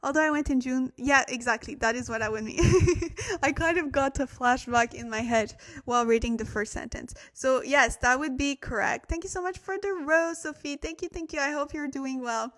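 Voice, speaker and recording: High-voiced tired woman hosting a language livestream. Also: normal speed, a bit bright. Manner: chatty, thanks viewers, laughs at her own slips. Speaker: Korean language livestream host. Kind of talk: casual livestream teaching.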